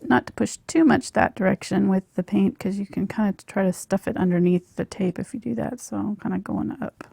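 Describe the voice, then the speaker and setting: Woman, painting instructor, husky, mellow, chatty, half-whispering. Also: medium pitch, fairly even intonation, brisk, few pauses, dry recording. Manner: chatty, often drops to a near whisper while working. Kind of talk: live painting tutorial.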